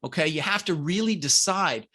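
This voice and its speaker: High-voiced, emphatic middle-aged man. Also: animated, moderate pace, bright, forceful tone. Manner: emphatic, punchy, addresses listeners as "guys". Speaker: guest, business coach. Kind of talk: energetic motivational interview talk. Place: home room with green screen.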